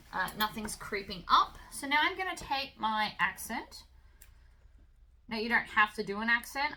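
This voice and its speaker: A woman's voice: fairly high pitch, bright, forceful tone, rough recording. A woman giving a casual, chatty sewing tutorial, explaining each step as she works.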